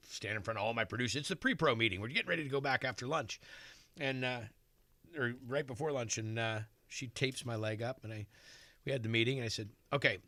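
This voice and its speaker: A middle-aged man tells a story on a radio show, voicing each person in it as he goes. His voice is bright and forceful, with a close, dry studio sound. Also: mid-range voice, no room sound. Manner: animated, tells stories acting out other people's lines. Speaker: celebrity chef guest.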